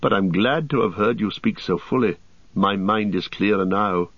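A man reading a quiet, frightened hobbit. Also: on the low side, moderate pace, slightly rough, dry recording. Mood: fearful. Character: small frightened but steadfast hobbit man. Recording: dull, dry audiobook recording.

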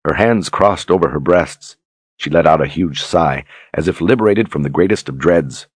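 A man narrating a fantasy novel with an extremely low, husky voice. He reads in a steady, measured way. The recording is close and dry, with no room sound. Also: dry recording. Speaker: audiobook narrator.

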